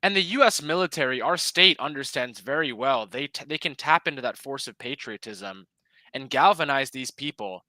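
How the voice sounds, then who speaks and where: Male guest, earnest and steady, bright edge to the voice, dry close recording. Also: mid-range voice, moderate pace, no room sound, rough recording. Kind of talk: casual political chat.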